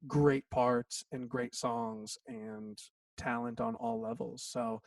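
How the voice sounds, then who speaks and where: A man's voice: mid-range voice, slow, gravelly, dry recording, recorded from a distance. A man in his thirties, a songwriter guest, telling a story in a casual interview, acting out quotes and saying "like" a lot. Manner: animated, acts out quotes, says "like" often.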